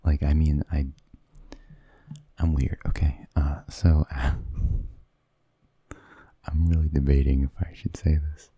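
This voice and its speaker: A man telling rambling stories in a soft-spoken ASMR style, hesitant and often slipping into whispers close to the mic. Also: extremely low pitch, level tone, takes it slowly, pauses often, breathy edge, no room sound. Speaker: ASMR creator.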